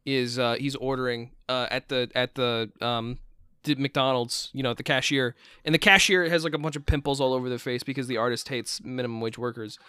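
A young man co-hosting a podcast, telling a story in halting, filler-heavy casual chat. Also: medium pitch, steady tone, pushed and bright, clean tone, no room sound. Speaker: podcast co-host.

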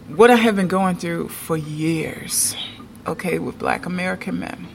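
A woman vlogging to her viewers in a relaxed, unhurried way, her low voice carrying a gravelly fry. She is chatty and emphatic, often pausing to check in with "okay?". A faint hum of noise sits behind her. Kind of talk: casual opinion vlog.

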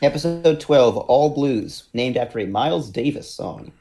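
Man with a mid-pitched voice, earnest and casual. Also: lively intonation, a little slow, creaky, warm tone. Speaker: podcast co-host. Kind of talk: casual chat.

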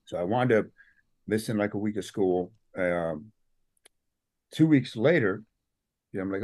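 A man's voice: lowish voice, normal speed, long pauses, dry recording, studio quality. A middle-aged man, a podcast guest, telling a personal story in a casual interview and acting out what people said. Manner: animated storyteller, acts out quotes.

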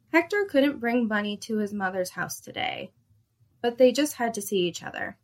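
Young woman reading a spicy story, dry fed-up tone, mid pitch.

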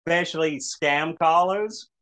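A man with a slight lisp telling rambling, deadpan absurd stories in casual podcast banter. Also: fairly high pitch, measured pace. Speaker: podcast regular.

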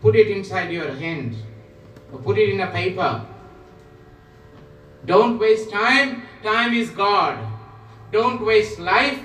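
A man speaking as a guru, giving a spiritual talk in slow, repetitive, emphatic phrases. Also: sits high, animated, a bit bright, a little hiss or hum. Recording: roomy echo, voice from a distance.

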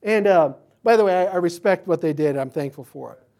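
A male pastor delivering a sermon in a conversational way. He mixes scripture with humorous everyday asides. Now and then his excitement jumps up mid-thought. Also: sits high, brisk.

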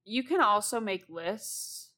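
A woman's voice: mid-range voice, lively intonation, slow pace, sharp tone. A young woman hosting a casual solo talk on writing, chatty and rambling, laughing as she goes. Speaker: podcast host, novelist.

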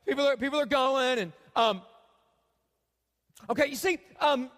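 A pastor in his thirties with a strikingly high voice delivers an animated sermon, teasing the congregation. His voice rings out through a large church hall with a long, trailing reverb. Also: measured pace. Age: 30s. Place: church sanctuary.

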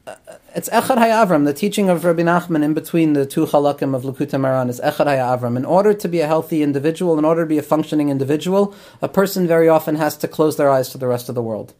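A high-pitched man gives an earnest spoken lesson. He explains ideas patiently as a rabbi and therapist, dropping Hebrew terms into his sentences. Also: fast talker, darkish tone. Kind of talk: talmudic teaching talk.

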